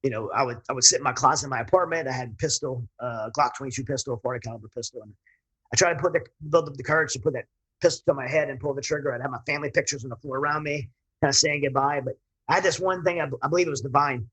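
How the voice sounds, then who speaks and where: Fast-talking husky man telling his story. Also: mid-range voice, a bit bright, low-quality recording. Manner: earnest, rambling with frequent restarts. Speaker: interview guest, veteran. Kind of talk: candid personal storytelling.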